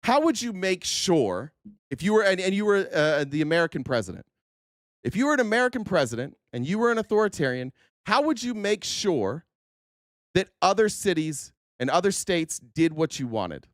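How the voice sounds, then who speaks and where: Heated high-voiced male commentator. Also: sing-song, normal speed, dry recording, studio quality. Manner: heated, profane, rhetorical questions aimed at the audience. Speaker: host. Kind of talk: political commentary rant.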